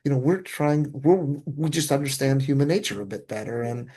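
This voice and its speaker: A man's voice: mid-range voice, expressive, moderate pace, warm tone, slightly rough. A man, a rabbi, telling a travel story in casual discussion, rambling with frequent restarts and self-corrections.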